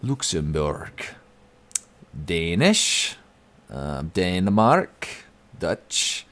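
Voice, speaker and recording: A man's voice: low-pitched, moderate pace. A young man streaming live from home, chatting casually and reading out the chat.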